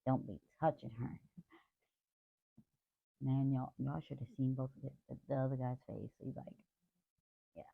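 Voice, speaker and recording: Woman, craft vlogger, gravelly voice, rambling casual chat, apologetic, tinny phone-like sound. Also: rumbling low, fairly even intonation, moderate pace, no echo.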